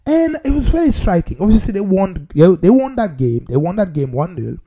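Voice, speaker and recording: A man giving a casual, animated football opinion monologue, repeating himself and talking straight to his viewers. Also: high-pitched, fairly quick. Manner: animated, repetitive, talks straight to viewers as "people". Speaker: football commentator.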